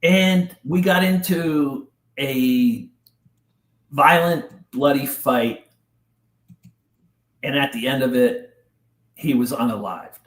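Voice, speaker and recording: With a roomy echo on the recording, a middle-aged podcast guest from New Jersey haltingly recounts a painful episode from his life, intense and slangy. He speaks in a mid-range voice.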